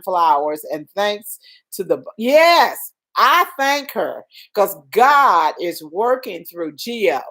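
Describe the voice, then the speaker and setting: A woman with a Southern accent chats through a livestream, greeting viewers by name and preaching encouragement in a folksy way. She talks slowly and deliberately. Her pitch leaps high and drops low, swinging between loud urging and soft asides. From Southern United States. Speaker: livestream host. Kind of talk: casual live-stream chat.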